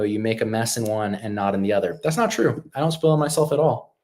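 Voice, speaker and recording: A man's voice: fairly low pitch, expressive, fast, warm tone. A man hosting a live stream, talking casually in a rambling, opinionated way with lots of fillers and restarts.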